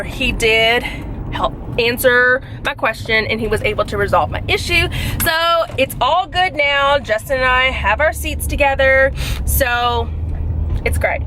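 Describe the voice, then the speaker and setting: Young adult woman, high voice, casual vlog storytelling, animated and indignant, faint noise behind. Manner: animated, indignant retelling with quick bursts. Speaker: vlogger.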